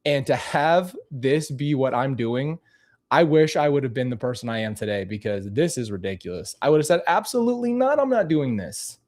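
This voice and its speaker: Male vlogger, mid pitch, candid and animated, talks straight to camera with restarts; casual commentary. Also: moderate pace. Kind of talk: casual commentary on old clips.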